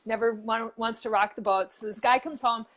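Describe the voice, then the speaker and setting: A woman co-hosting a casual motivational show, her voice sitting a touch higher than most. She rambles through stories and pitches, full of fillers and restarts. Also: fairly even intonation, a little fast, a bit bright. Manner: chatty storyteller, many fillers and restarts.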